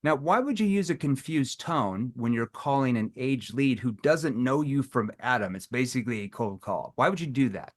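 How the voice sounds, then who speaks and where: Male sales coach, lively and theatrical, voices prospects mid-session. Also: mid-range voice, moderate pace, few pauses. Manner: animated, acts out phone calls with playful tones. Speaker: sales trainer. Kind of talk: live sales training session.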